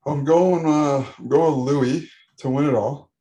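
A man co-hosting a casual podcast, chatting in a relaxed, joking way. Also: fairly high pitch, unhurried, rough recording. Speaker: podcast co-host. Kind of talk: casual chat.

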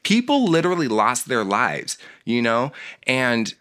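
A man's voice: mid-range voice, sing-song, a little slow, a bit bright. A man in a casual talk, ranting with heated passion and many filler words. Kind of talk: casual conversational rant.

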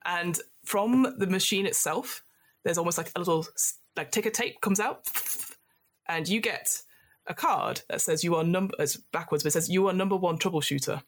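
A woman's voice: lowish voice, normal speed. A woman narrating a tabletop game as game master, describing scenes in a loose way with many fillers. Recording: echoey room.

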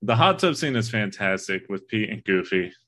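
A man's voice: fairly low pitch, lively intonation, normal speed, a bit bright. A man in casual podcast talk, animatedly retelling a film scene and quoting its lines, with the odd swear.

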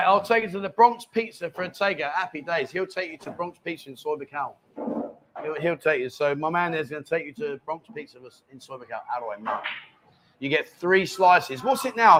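High-voiced joking man hosting a bar show. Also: fairly bright tone, a little hiss or hum. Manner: joking, banters with bar staff. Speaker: host. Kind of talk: casual live chat show. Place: bar lounge.

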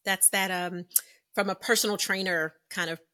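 A woman hosting an interview podcast, warmly affirming her guest with frequent agreement. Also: medium pitch, steady tone, normal speed. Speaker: podcast host.

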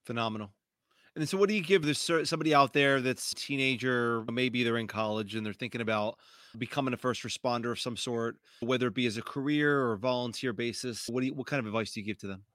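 A podcast co-host asks long, winding questions at a quick clip. His voice is mid-pitched and the sound is dry and close. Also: fairly bright tone, no echo. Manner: rambling, long questions with restarts. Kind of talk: interview questions.

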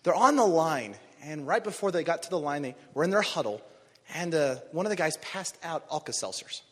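A man preaching a sermon, telling a story with animated energy and rising to shouts on key phrases. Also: on the high side, brisk, breathy edge. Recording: long reverb of a large hall.

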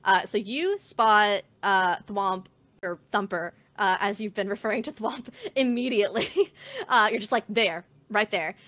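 A woman's voice: mid-range voice, moderate pace, fairly bright tone. A woman narrating as game master of a tabletop game, chatty and full of fillers. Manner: chatty, filler-heavy, laughs easily.

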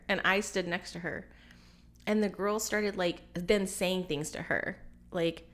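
A woman in her forties tells a story in a relaxed podcast chat. her pitch sits in the middle range, and she talks in lively bursts full of "like". she laughs a lot between sentences. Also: moderate pace. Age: 40s. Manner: animated storyteller, laughs often, many "like"s. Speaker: podcast host. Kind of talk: casual chat among friends.

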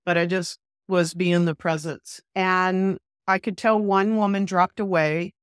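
An earnest woman minister retells a personal story for an interview, voicing the dialogue as she goes. Her voice sits fairly low, and the recording is dry and close with no room sound. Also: a little slow, clean tone, dry recording. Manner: animated, vivid retelling that acts out quoted dialogue. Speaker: podcast guest.

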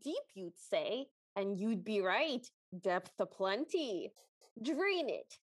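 A woman voicing a grumpy, contrary male troll with slow, commanding, old-fashioned phrasing. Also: sits high, very animated, dry recording, voice pushed down, full character voice. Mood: gruff bossy.

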